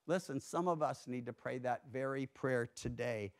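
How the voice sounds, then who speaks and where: A man pastor preaching a sermon in a church, earnest, swinging between emphatic rises and hushed drops. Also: medium pitch, moderate pace.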